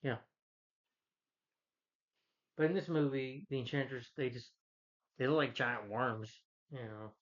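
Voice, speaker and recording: Man, casual film review, rambling, opinionated, mid-pitched, dull lo-fi sound. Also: steady tone, a little slow, pauses often. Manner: rambling, many restarts and fillers, opinionated. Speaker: movie reviewer.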